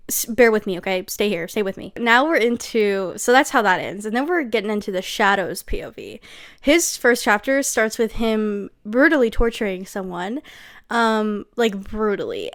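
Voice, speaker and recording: A young woman giving a casual, sarcastic book recap, gossipy and full of asides like "okay?". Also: a little high. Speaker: book reviewer.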